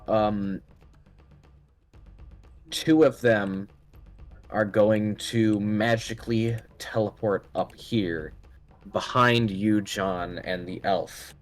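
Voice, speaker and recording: A man narrating a tabletop game as game master, halting often with ums and restarts. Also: fairly low pitch, fairly even intonation, faint music behind.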